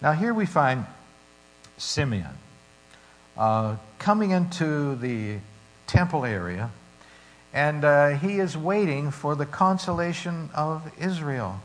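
A man preaching, reading a story and scripture with dramatic shifts in loudness. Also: fairly high pitch, expressive, slow, rough recording. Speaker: pastor.

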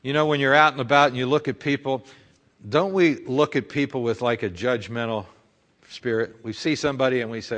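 A man's voice: mid-range voice, fairly quick, a bit bright, in a large hall. A male pastor preaching a conversational sermon full of rhetorical questions.

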